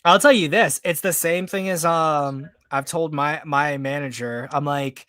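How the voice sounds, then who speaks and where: A man's voice: fairly high pitch, unhurried, hardly any pauses, sharp tone, clean tone, no echo, studio quality. Joking man hosting a casual podcast. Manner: loose, joking, heavy use of "like". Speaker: podcast host. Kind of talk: casual chat.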